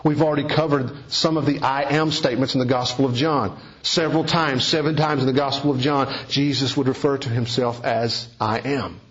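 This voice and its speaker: A man preaching a sermon, rising to emphatic high points and dropping to hushed low passages. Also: fairly even intonation, fairly quick, few pauses. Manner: wide swings between soaring emphasis and hushed low passages. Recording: dull lo-fi recording.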